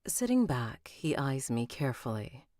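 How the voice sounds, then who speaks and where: A woman's voice: rumbling low, very animated, normal speed, very noisy. A woman reading an audiobook aloud on a live stream, breaking off to chat with viewers and redo lines.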